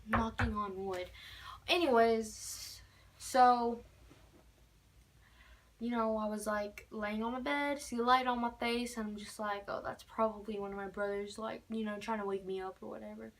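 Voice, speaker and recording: A woman's voice: a little high, fairly even intonation, normal speed. A teenage girl telling a casual storytime tale, rambling with many fillers and restarts. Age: teens. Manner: rambling, many fillers, keeps repeating "normal". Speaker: vlogger.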